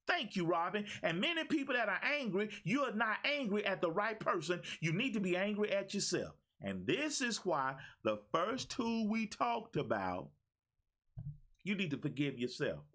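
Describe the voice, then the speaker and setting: A man's voice: high voice, sing-song, moderate pace, sharp tone. A man who is a life coach, giving a preachy, repetitive motivational talk on a live stream and calling out viewers by name.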